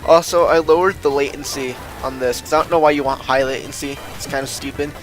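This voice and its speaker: A man's voice: mid-range voice, steady tone, fast, faint music behind, rough recording. A young man streaming a game, rambling casually and self-deprecating, getting worked up when he rants. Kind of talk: casual gameplay stream chatter.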